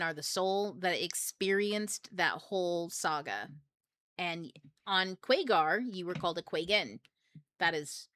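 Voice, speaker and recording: A young woman hosts a casual livestream, rambling through ideas with jokes and plenty of swearing. Her voice is bright and forceful but pitched on the low side. The sound is close and dry, with no room echo. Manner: rambling, profane, joking. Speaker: book club host.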